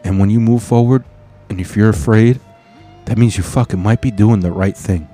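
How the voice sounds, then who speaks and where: A man's voice: fairly low pitch, normal speed, mellow, faint music behind. A man hosting a podcast, signing off in a casual, profane and emphatic pep talk. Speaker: podcast host. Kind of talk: casual sign-off.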